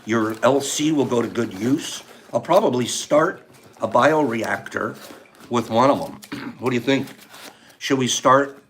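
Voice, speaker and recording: An older man hosting a casual live stream, opening gifts and telling stories in an animated, warm way, laughing now and then. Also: mid-range voice, measured pace, a little hiss or hum. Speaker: host of a live tea-time stream. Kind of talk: casual chat, opening gifts and reading cards.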